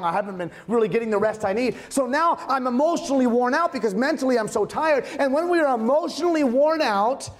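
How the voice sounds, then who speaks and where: A man in his thirties, a pastor, preaching a conversational sermon with emphatic repeated refrains. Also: very high-pitched. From Massachusetts.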